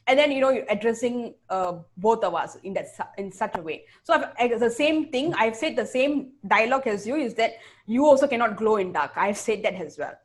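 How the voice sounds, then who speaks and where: A woman's voice: fairly high pitch, lively intonation, brisk. A woman with a Singaporean English accent, hosting a casual chat, talking in a chatty way with frequent restarts and laughter.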